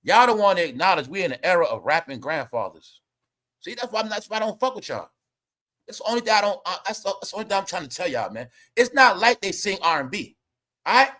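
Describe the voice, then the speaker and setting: A young man hosting a live gossip commentary stream, loud and laughing, often calling out to viewers. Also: sits high, big pitch swings, quick pace. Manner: loud, laughing, repetitive, addresses viewers as y'all. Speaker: commentary host.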